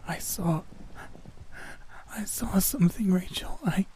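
Male narrator doing a sick young woman's voice: scratchy, hoarse, pitched up, half-whispered. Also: moderate pace, dark tone, lightly acted. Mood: panicked. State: hoarse, struggling to breathe.

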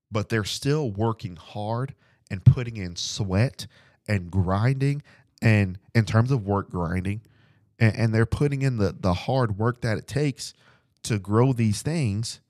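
A man's voice: on the low side, a little mellow, no echo, clean studio sound. A young man hosting a Bible study podcast, preaching informally in a conversational and emphatic way that repeats its points. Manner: conversational, repetitive and emphatic, addresses "guys".

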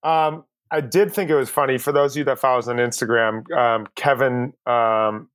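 A man's voice: medium pitch, fairly even intonation, moderate pace, a bit bright, no echo. Teasing male podcast co-host. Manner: leads topics, teasing questions to listeners. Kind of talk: casual chat.

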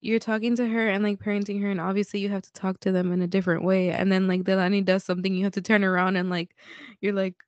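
A woman co-hosts a laid-back podcast chat, talking loosely and laughing often. Her voice is at a middle pitch, recorded dry and slightly muffled. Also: little pitch movement, fast talker, darkish tone, dry recording. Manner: chatty, laughs easily, lots of filler "like". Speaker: podcast co-host. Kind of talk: casual chat.

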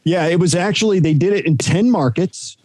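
Man, radio broadcaster, mellow dark voice, dry close sound, casual anecdotes. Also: high-pitched, a little fast, no echo. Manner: storytelling, animated anecdotes. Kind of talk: casual interview chat.

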